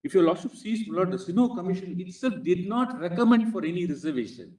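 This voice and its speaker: Indian advocate peppering "Lord" everywhere. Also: male voice, sits high, animated, mellow. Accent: Indian English. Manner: inserts "Lord" into nearly every phrase, halting and insistent. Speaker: advocate arguing before a court bench. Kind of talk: courtroom legal argument. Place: courtroom. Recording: echoey courtroom audio picked up from a distance.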